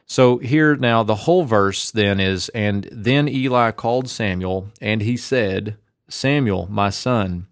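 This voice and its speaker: A man teaching Biblical Hebrew grammar in a measured, methodical way as host of a short lesson series. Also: on the low side, no room sound, studio quality.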